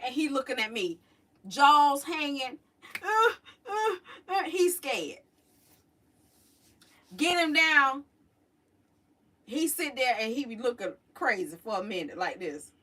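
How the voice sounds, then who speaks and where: A middle-aged woman, chatting and telling stories to her live chat, animated and drawling. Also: high-pitched. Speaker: livestream host. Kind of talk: casual storytelling to a live chat. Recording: voice a little distant from the mic.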